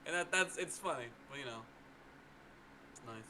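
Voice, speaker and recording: A casual podcast co-host, a man whose voice sits a touch high and sounds bright and forward. He rambles through everyday stories, filling them with "like" and putting on quick voices for the people he quotes. A faint hum of ambience sits under the recording. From North Carolina. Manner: rambling storyteller, lots of "like", does excited voices for people he quotes. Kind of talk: casual chat.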